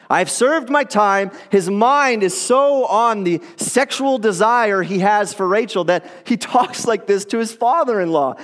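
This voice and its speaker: Male pastor, high-pitched, casual animated sermon delivery, in a reverberant church hall. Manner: conversational, animated storytelling with acted quotes.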